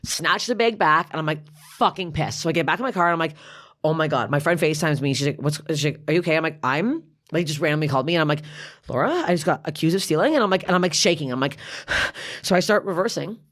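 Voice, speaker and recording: A woman in her thirties, a comedian guesting on a podcast, tells a story in casual chat. She swears constantly and acts out each line with lively energy. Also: low voice, fast. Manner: profane, animated storytelling.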